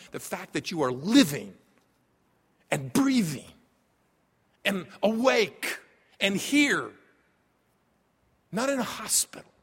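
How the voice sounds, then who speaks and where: A man preaching a sermon as pastor, emphatic, dropping to a hush and then rising loud. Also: high-pitched. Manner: emphatic, swings from hushed to loud. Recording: long reverb of a large hall.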